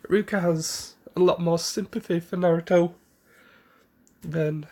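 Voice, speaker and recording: A man narrating a made-up story off the cuff, rambling and halting with frequent restarts. His voice is gravelly, his pace very slow, and his pitch a bit high for a man. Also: steady tone, darkish tone. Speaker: fan storyteller. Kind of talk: casual improvised story narration.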